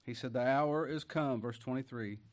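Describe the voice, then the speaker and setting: A man preaching a sermon who reads scripture loudly and slowly, then drops to quiet asides and rhetorical questions in a folksy way. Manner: swings from loud, slow scripture reading to quiet, low asides.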